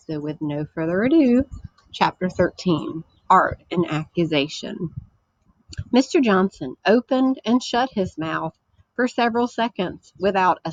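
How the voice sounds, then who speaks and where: A woman teacher reading a chapter book aloud to her class, gentle and explanatory, stopping to ask the children questions. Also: sits low, dry recording, lo-fi sound.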